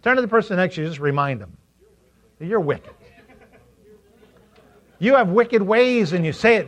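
A man preaching a sermon as pastor, animated, asking the congregation questions and acting out quotes in funny voices. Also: on the high side, measured pace, long pauses. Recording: dull lo-fi recording.

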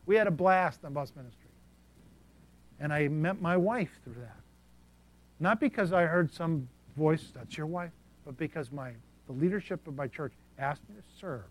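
A man preaching a sermon, telling personal stories with an animated delivery that swings between soft asides and loud bursts. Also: a little high, moderate pace. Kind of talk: sermon storytelling.

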